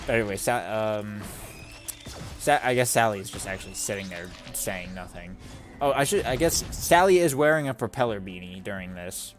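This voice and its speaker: Low-voiced guy rambling and cursing on stream, game music behind him. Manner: rambling, frequent swearing. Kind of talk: casual live-stream chat while gaming.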